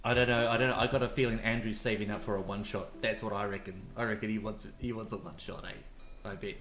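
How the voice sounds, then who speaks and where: A man acting as game master in casual chat on a streamed tabletop game, excitable, swearing and laughing often, speaking into a desktop microphone. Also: on the low side, fast talker. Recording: echoey room with background noise.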